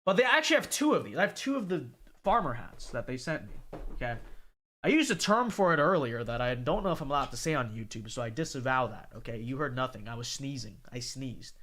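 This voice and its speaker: A man's voice: medium pitch, a little fast. A man in his twenties chatting casually and sarcastically on a livestream while reading donations aloud. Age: 20s. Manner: animated, sarcastic, rambling, keeps saying okay.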